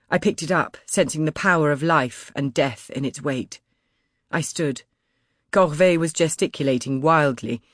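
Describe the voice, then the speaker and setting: A woman narrating an audiobook in the first person, dramatic and building to loud shouts in the dialogue. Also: low voice, no room sound, studio quality.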